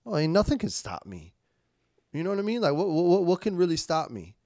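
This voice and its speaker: A man's voice: a little high, very animated, fairly quick, mellow, no room sound, clean studio sound. Emphatic man telling his recovery story. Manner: emphatic, repeats words, quotes himself and others; swearing street slang. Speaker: podcast guest. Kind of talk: candid recovery story in conversation.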